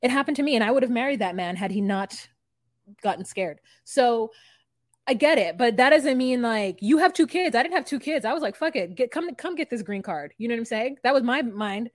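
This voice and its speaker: Her voice sits on the high side, animated and a little fast, captured as a dry, clean studio recording. As a podcast co-host in a casual recap chat, she's rambling and frank, dropping lots of "like" and the odd swear.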